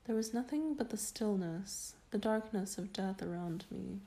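A woman reading a first-person story aloud in a slow, solemn and measured way. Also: medium pitch, mellow. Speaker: reader. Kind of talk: dramatic audiobook narration.

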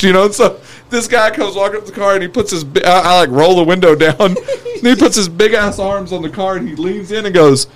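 Animated, profane storyteller, a bit high. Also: male voice, brisk. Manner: profane, animated, laughs through his stories. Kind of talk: casual storytelling chat.

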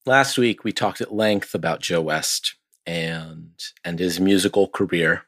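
A man co-hosting a casual sports podcast, chatty and quick to laugh. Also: low voice, fairly bright tone. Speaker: podcast co-host.

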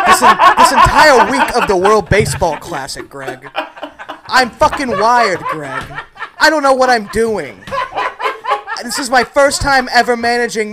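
A man's voice: extremely high pitch, full character voice. A man putting on a wired, sleepless male baseball manager who rambles jitterily.

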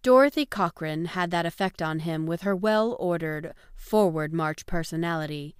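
Measured female audiobook narrator, resonant, dry studio sound. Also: on the low side, smooth, no room sound. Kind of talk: scripted narration.

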